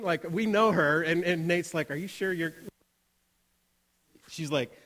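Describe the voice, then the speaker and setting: A man telling a mission story in a sermon, animated and acting out the voices of the people he quotes. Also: high voice, unhurried, pauses often. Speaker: missions speaker. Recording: long reverb of a large hall.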